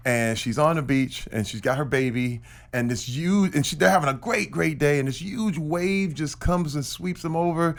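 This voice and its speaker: A middle-aged man from Flint, Michigan, a guest actor in a casual interview, talking emphatically and telling animated stories. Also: fairly high pitch, moderate pace, creaky.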